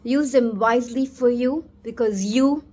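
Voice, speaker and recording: A woman's voice: on the high side, dark tone. A woman giving an earnest, emphatic motivational talk about self-talk. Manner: earnest, emphatic, slow and deliberate. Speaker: self-help speaker.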